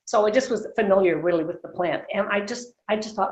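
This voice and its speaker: Lively woman in her 60s, roomy muffled call. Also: mid-range voice, a little fast. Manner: animated, laughs often, acts out quoted dialogue. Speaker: guest. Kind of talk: storytelling on a video call. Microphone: video call.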